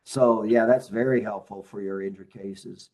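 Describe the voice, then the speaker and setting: A man's voice: fairly low pitch, fairly even intonation, moderate pace, darkish tone. A man hosting a casual interview, a chiropractic consultant who asks leading questions in a coaching tone.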